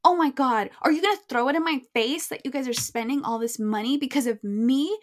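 A woman's voice: fairly high pitch, expressive, fairly quick, fairly bright tone. A woman voicing a scornful, bratty teenage girl who answers back in whiny, exasperated outbursts. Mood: indignant.

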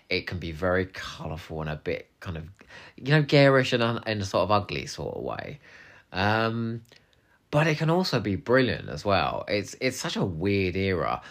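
A young man co-hosting a podcast, answering listener questions in a cheeky, playful way, often dropping into asides and whispers. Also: sits low. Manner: animated, cheeky and playful, drops into whispers and laughs. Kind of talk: casual podcast chat.

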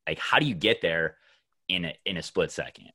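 A male podcast host with a very deep voice who talks enthusiastically and loosely, filling his questions with "like" and "you know". The sound is dry and close. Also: a little fast, pushed and bright, husky, no room sound. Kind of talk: casual podcast conversation.

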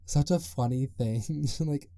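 A man's voice: medium pitch, measured pace, mellow, no echo, clean studio sound. A young man hosting a casual solo podcast, rambling with lots of "like" and frequent chuckles. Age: young adult. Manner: rambling, peppered with "like", chuckles often. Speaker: podcast host.

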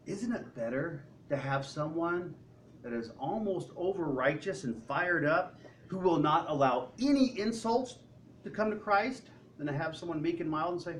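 Male pastor, lively sermon delivery, voice a touch high, heard from afar with faint room hum. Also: moderate pace. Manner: animated, conversational preaching with acted quotes. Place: church sanctuary. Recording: distant mic with faint room noise.

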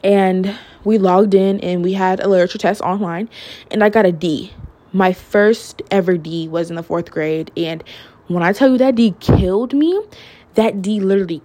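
A young woman talks through her solo podcast in a loose, candid way. She strings thoughts together with "like" and "literally", and her pitch sits in the middle range for a woman. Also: moderate pace, dark tone. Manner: chatty and candid, heavy use of "like" and "literally", laughing asides. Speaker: podcast host. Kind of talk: casual solo podcast monologue.

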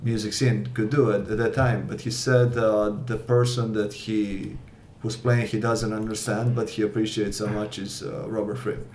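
A man's voice: fairly low pitch, level tone, normal speed, darkish tone. Man talking music in an echoey room. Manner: hesitant, many fillers and restarts. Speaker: podcast co-host. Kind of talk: casual chat about rock music. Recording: echoey room with faint noise.

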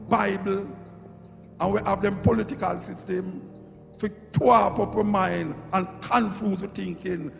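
Jamaican man, middle-aged, very gravelly, fairly high voice, echoey hall, loud music behind. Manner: preachy, repeats phrases for emphasis. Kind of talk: impassioned monologue.

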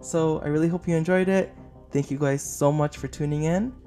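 Soft background music plays as a man hosts a casual podcast film review, rambling, gushing and using plenty of fillers. He's up late and short on sleep. His voice sits on the high side with a dark tone and fairly even intonation, moving a little fast.

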